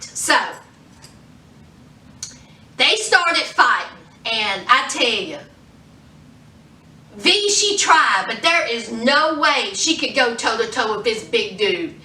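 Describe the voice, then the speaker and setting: A woman casually recapping a TV episode for her vlog, telling the story in an animated way and acting out the characters' lines. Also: a little high, takes it slowly, long pauses. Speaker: TV show reviewer. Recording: roomy echo, distant from mic.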